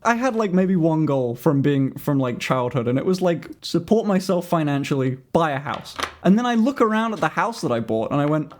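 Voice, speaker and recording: A man's voice: fairly high pitch, lively intonation, fairly quick, hardly any pauses, slight background noise. Light-voiced British young man chatting candidly. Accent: British English. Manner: candid, self-deprecating, rambling with restarts. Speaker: livestreamer. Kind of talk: casual livestream chat.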